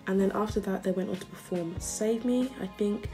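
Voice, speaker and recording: A woman vlogger chatting casually and gushing like an excited fan. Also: medium pitch, normal speed, over music. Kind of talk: casual chat.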